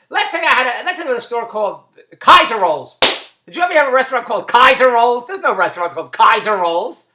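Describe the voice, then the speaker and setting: Rambling man, bright animated voice. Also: very high voice, reverberant. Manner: repetitive, tangential, with loud self-promoting plugs. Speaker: vlogger and online business owner. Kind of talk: rambling casual vlog. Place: shopping mall.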